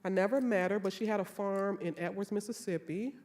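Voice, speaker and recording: A woman author from Chicago, reading her poetry in a slow, rhythmic way and telling stories with a playful laugh. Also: medium pitch, a little mellow. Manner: slow rhythmic poetic delivery.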